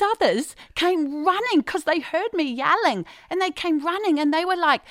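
A woman telling lively faith stories as a guest, exuberant, with loud bursts of excitement and sudden quiet, near-whispered asides. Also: sits high, normal speed, hardly any pauses, no echo, clean studio sound. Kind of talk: enthusiastic Christian testimony.

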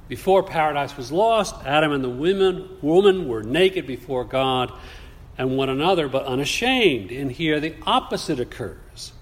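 A male preacher delivering a sermon at an unhurried pace. His voice sits somewhat high and carries a long echo from a large hall. He speaks deliberately, turning often to the congregation with questions. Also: animated. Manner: measured, slow and deliberate, with rhetorical questions to the congregation.

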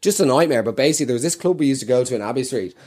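A man's voice: mid-range voice, expressive, racing, a little mellow. A man with a South Dublin Irish accent doing rambling, self-mocking stand-up comedy with plenty of swearing. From Ireland.

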